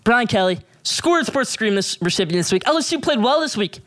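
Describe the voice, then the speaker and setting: Fast-talking young man hosting sports picks. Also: high voice. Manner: rapid, excitable, opinionated delivery. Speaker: sports podcast host. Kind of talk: solo sports picks podcast.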